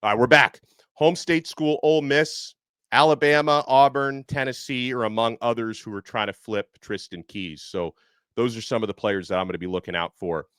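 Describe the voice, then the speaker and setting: A man hosting a casual sports podcast, talking in a chatty, animated way with plenty of fillers. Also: medium pitch, normal speed, smooth, no echo. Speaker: podcast host. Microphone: headset earpiece.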